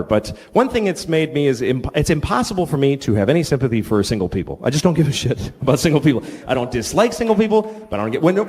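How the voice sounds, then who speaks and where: A man's voice: on the high side, a little mellow. Blunt, profane man doing stand-up. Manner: blunt and profane, with hesitant filler words. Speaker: stand-up comedian. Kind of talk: stand-up comedy. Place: stage in a comedy venue. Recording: long hall reverb on stage.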